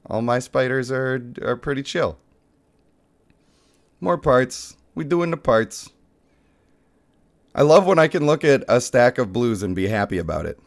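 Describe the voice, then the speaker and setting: A man's voice: medium pitch, unhurried, long pauses. A young man hosting a live mobile game stream, joking and hyping up his pulls for chat. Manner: playful, excitable, joking with chat.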